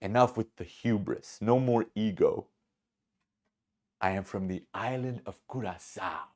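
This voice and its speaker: A man voicing a calm, grounded male customer who speaks slowly and firmly, doing his best at the customer's accent. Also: lowish voice. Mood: coolly firm. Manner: slow, measured, composed.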